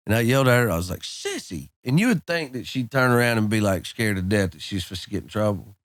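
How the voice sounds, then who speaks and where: A man in his thirties, a guest on a podcast, telling relaxed anecdotes in casual chat. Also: lowish voice, fast, no room sound, clean studio sound. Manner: laid-back, drawling anecdotes peppered with "man" and "dude". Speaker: podcast guest, country singer.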